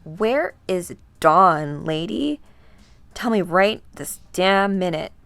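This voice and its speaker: A woman voicing a hot-headed, gruff male superhero who talks in demanding bursts. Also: lowish voice, expressive, slow, fairly bright tone, no echo, full character voice. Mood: angry.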